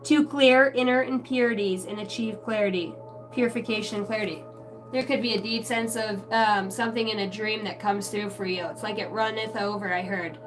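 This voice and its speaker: A woman reading tarot cards on a live stream in a chatty, casual way, greeting viewers by name and clearing her throat now and then. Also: mid-range voice, fairly even intonation, brisk. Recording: distant mic with music playing behind.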